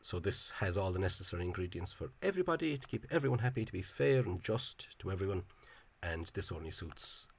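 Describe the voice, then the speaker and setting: Deep husky man explaining spelling. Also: expressive. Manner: halting, many fillers and repeated words; opinionated, dismissive of official spelling. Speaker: language enthusiast explaining spelling. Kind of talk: casual explanatory monologue.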